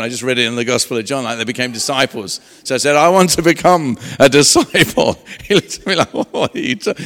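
A man's voice: mid-range voice, fairly bright tone. Man preaching in a reverberant hall. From England. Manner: conversational storytelling with restarts. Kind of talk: sermon testimony. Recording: long reverb of a large hall.

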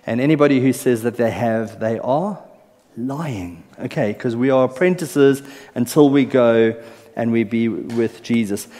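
A man's voice: mid-range voice, measured pace, dark tone. A South African-born man preaching a sermon from a church stage into a microphone, chatty and teasing, checking in with the congregation. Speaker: pastor. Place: church stage with long reverb. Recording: live church hall reverb.

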